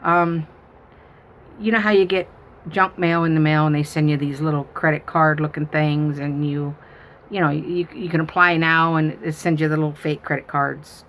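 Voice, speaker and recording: A woman's voice: low voice, fairly even intonation, moderate pace, fairly bright tone, a little hiss or hum. A grandmother chatting with viewers, telling rambling stories full of fillers. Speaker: grandmother and channel host. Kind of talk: casual storytelling to viewers.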